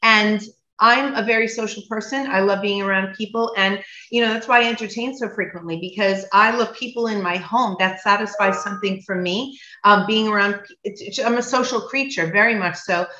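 A woman's voice: medium pitch, fairly quick, pushed and bright. A woman talking casually as a podcast guest, chatty and full of fillers. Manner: chatty, many fillers and restarts. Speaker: guest, cooking event business owner. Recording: roomy, dull lo-fi sound.

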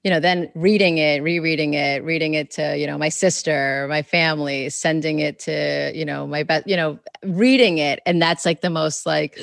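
Woman, children's author guest, low voice, rambling casual speech, close dry sound. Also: fairly even intonation, moderate pace, gravelly, few pauses, no echo. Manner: rambling, full of "like" and "you know"; reenacts conversations in quotes. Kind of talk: casual interview chat.

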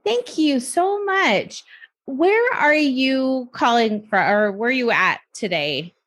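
A woman's voice: high-pitched, expressive, slow, fairly bright tone. A woman hosting a podcast interview, chatty and upbeat, laughing easily with her guest. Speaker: podcast host. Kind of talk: casual interview chat.

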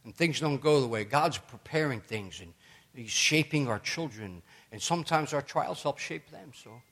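A man's voice: medium pitch, normal speed, breathy edge. Chatty joking pastor, a man. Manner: chatty, joking asides with laughter, animated storytelling. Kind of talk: sermon.

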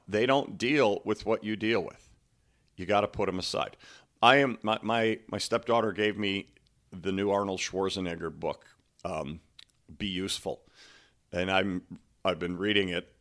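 A man who coaches basketball, hosting a motivational podcast in an earnest, conversational way, slowing down to stress the lines he quotes. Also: fairly low pitch, fairly bright tone. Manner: conversational, asks listeners "okay?" and "right?".

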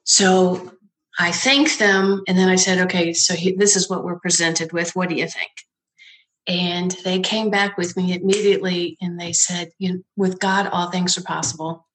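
A woman's voice: fairly low pitch, fairly even intonation, normal speed, a bit bright. A woman who founded a nonprofit, telling her story in a conversational interview, laughing often and acting out the people she quotes.

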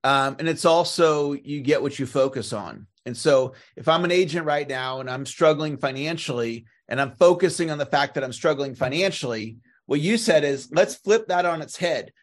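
A man co-hosting a sales podcast, speaking in a measured, reflective way with a few fillers. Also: a little high. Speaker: sales trainer, co-host. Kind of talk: podcast conversation.

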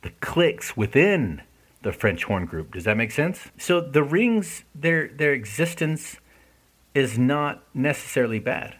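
Earnest husky man talking. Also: medium pitch, very animated, a little slow, a bit bright. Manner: earnest, conversational, asks listeners questions. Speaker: speaker discussing an essay. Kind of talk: casual reflective talk.

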